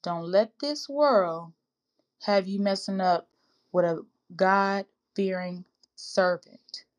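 A woman's voice: mid-range voice, takes it slowly. A woman hosting a faith-based podcast for women, speaking earnestly and informally to listeners she calls sis and baby, in a preacherly, exhorting way. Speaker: podcast host.

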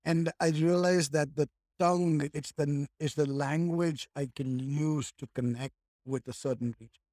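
A man's voice: on the high side, fairly even intonation, a little slow, darkish tone, no room sound, studio quality. A man from India in casual conversation, thinking aloud and leaning on "like" and "right?" a lot.

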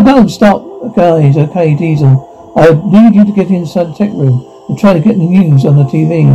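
A man reads out a drama script line by line, sound cues and all, in a flat, halting manner with frequent restarts. His voice sits high, yet its tone is very dark and mellow. A dull, lo-fi recording carries faint music underneath. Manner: flat, stumbling read with restarts. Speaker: reader voicing a whole drama.

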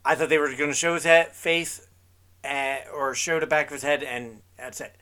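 A man's voice: a little high, steady tone, moderate pace, bright, forceful tone. A man co-hosting a podcast, chatting casually in an easygoing, agreeable way with frequent ums. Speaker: podcast co-host. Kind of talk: casual recap chat.

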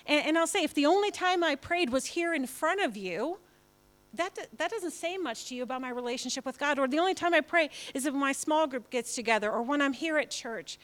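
A woman pastor preaches to her church with a bright, high-pitched voice. She talks in a conversational, emphatic way. She often slips into acted-out quotes. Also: animated, brisk. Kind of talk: sermon.

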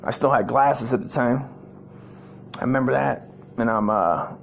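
A man's voice: medium pitch, moderate pace, creaky, pauses often, slight background noise. A middle-aged man, telling a rambling, profane comic story. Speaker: comedic storyteller.

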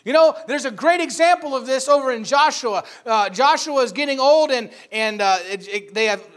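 A man's voice: very high-pitched, expressive, normal speed, a bit bright. A man preaching a sermon, emphatic and rising in volume on key points.

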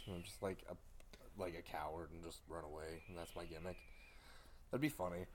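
A man's voice: low voice, expressive, brisk, a little hiss or hum. A young man in casual podcast chat, joking and acting out imagined back-and-forth dialogue. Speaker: podcast co-host.

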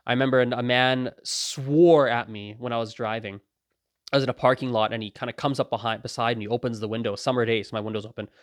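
Speaking at a quick pace, this medium-pitched man hosts a podcast in a relaxed, solo style. The dry studio recording captures his lively delivery as he voices characters from his anecdotes and laughs frequently.

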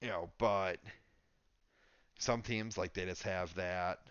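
A man's voice: sits low, fairly even intonation, takes it slowly, fairly bright tone, clean tone, no echo, lo-fi sound. A man co-hosting a podcast, chatting casually and thinking aloud with lots of fillers. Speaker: podcast co-host. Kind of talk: casual sports chat.

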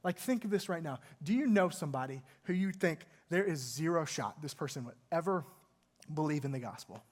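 A man's voice: on the high side, lively intonation, fairly quick. A male pastor preaching a sermon, retelling a scripture story in an earnest, emphatic way.

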